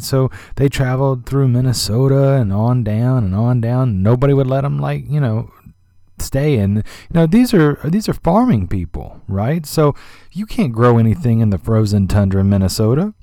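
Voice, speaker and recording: A man's voice: medium pitch, dark tone, no echo, studio quality. Chatty male music podcast host. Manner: chatty, rambling, many fillers and asides. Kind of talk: casual radio-style music commentary.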